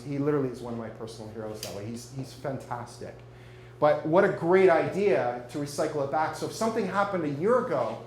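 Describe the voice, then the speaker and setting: A man giving a live presentation to an audience, chatty and jokey, often asking the room questions. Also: medium pitch. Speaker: speaker at a marketing meetup. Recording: echoey room, faint hum.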